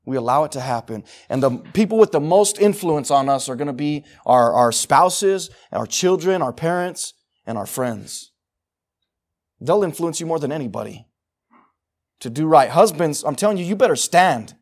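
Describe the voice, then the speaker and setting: A man's voice: on the high side, lively intonation, moderate pace. A middle-aged man preaching a sermon in an emphatic, conversational way, often repeating phrases for stress. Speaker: pastor.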